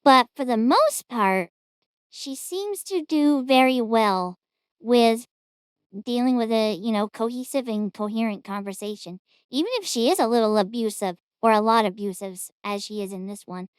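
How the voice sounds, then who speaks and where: A woman talking casually as she reacts to a clip, rambling and amused. Her voice is slightly high and smooth, recorded dry and close at a home setup. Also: lively intonation, normal speed, dry recording. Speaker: reaction streamer host.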